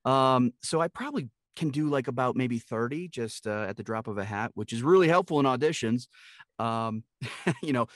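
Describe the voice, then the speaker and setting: A man's voice: mid-range voice, expressive, normal speed, no echo, clean studio sound. A middle-aged man talking as a guest voice actor in a casual, playful interview, laughing often.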